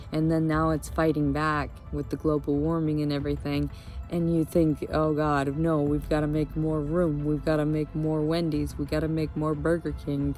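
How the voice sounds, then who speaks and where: A young woman ranting to camera in a vlog, angry and profane, swinging between quiet brooding and loud outbursts. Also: sits low. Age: young adult. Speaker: vlogger. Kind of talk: emotional rant to camera.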